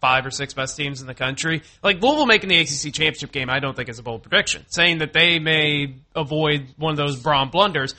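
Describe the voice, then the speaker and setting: Bright, quick-talking sports radio co-host man, analytical and measured. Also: on the high side. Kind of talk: sports talk banter.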